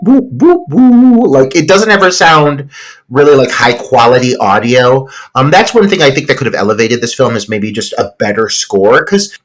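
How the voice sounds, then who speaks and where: A man co-hosting a film podcast, opinionated and animated, filling his talk with "like". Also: medium pitch, rough recording. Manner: animated, heavy use of "like", opinionated. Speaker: podcast co-host. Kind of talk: casual film discussion.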